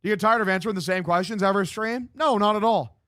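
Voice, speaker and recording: Young male streamer, fairly high voice, loose and profane, dead-dry home mic. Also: fast, a bit bright, no echo. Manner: loose, profane, reads chat aloud and answers. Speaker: streamer doing live play-by-play. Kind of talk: casual stream chat with play-by-play commentary. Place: home room.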